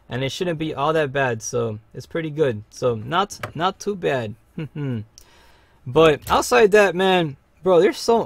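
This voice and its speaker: A man hosting a live gameplay stream, chatting in slang and cheering on his teammates with loud bursts of excitement. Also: fairly high pitch, gravelly. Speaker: livestream host. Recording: faint game music behind.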